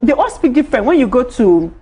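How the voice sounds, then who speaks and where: A woman's voice: a little high, big pitch swings, fast, dark tone, husky. A woman with a Nigerian accent on a studio talk panel, making her points emphatically and repeating herself as she builds an argument.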